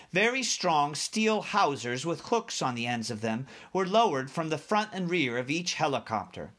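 A man reads a children's book aloud as a teacher, speaking straight to young listeners. His voice sits a little high and bright and moves lively up and down as he tells the story. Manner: animated, addresses young listeners directly.

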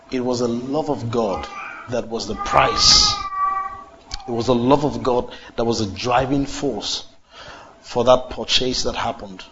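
A man's voice: medium pitch, fairly bright tone, lo-fi sound, slight background noise. Man preaching, call and response. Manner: call-and-response preaching, asks the congregation questions. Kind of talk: sermon.

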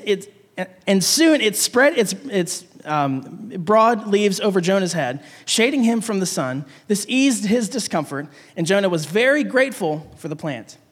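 A man with a fairly high voice preaches and reads scripture to his congregation, now and then stumbling and repeating himself. His voice carries a long reverb from the church hall around him. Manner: stumbling, repeats words while reading aloud. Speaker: pastor. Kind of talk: sermon with scripture reading.

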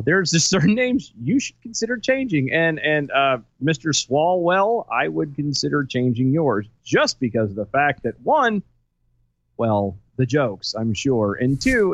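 A man's voice: medium pitch, big pitch swings, moderate pace. A man co-hosting a casual political talk show who rambles, hunts for words and goes on rants. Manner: rambling, searches for words, ranting. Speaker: co-host. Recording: dull, lo-fi dry sound.

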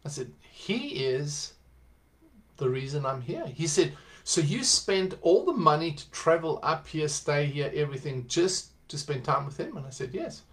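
A man's voice: a little high, expressive, unhurried, fairly bright tone. A man preaching, telling a personal story in a conversational way that builds to emphatic exhortation. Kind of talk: sermon storytelling.

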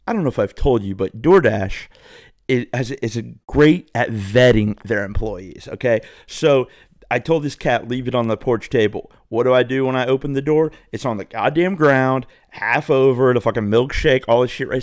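A man's voice: mid-range voice, moderate pace, no room sound, clean studio sound. A young man telling a rambling, profane story to his viewers in a casual way. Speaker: vlogger.

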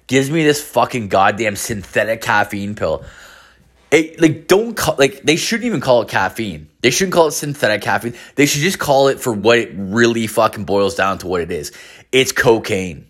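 This is a casual storytelling monologue from a man in his late thirties who is hungover, rambling profanely about drunk calls and hangovers. His voice sits mid-range, sounds a bit bright and expressive, and moves at a moderate pace.

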